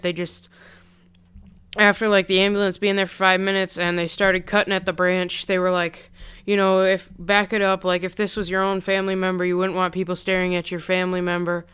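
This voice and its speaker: A man's voice: high-pitched, sharp tone, clear, resonant tone. A young man casually telling a story on his vlog, rambling and chatty with lots of "like", into a pop-filtered desk mic. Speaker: vlogger.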